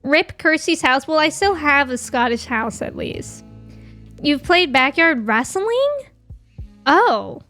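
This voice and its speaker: A woman's voice: sits high, big pitch swings, slow pace, bright, forceful tone, soft background music. A woman streamer in casual chat with her live viewers, reading their messages aloud and laughing often.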